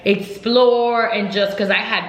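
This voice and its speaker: A young woman vlogger telling a travel story in a casual storytime chat. She rambles, leans on lots of fillers and retells events in a lively way. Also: mid-range voice, unhurried. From United States. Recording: roomy echo.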